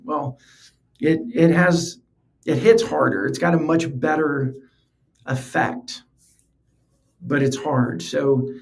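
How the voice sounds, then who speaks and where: A podcast host with a slightly high, darkish-toned voice talks earnestly on his own in a casual, conversational way. He often repeats words as he works through his thoughts.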